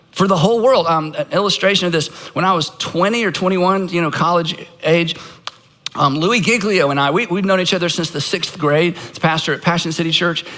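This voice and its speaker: A man's voice: high voice, fairly bright tone. A man from Georgia, a pastor giving a conversational sermon, earnest with self-deprecating asides. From Georgia, United States.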